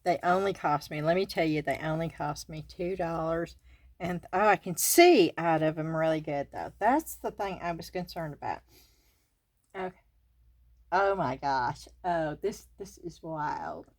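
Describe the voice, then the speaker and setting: Slow-talking Southern woman, chatty craft host. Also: low voice, expressive, dry recording. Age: older. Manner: chatty, giggly, addresses viewers as y'all. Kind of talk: casual unboxing chat.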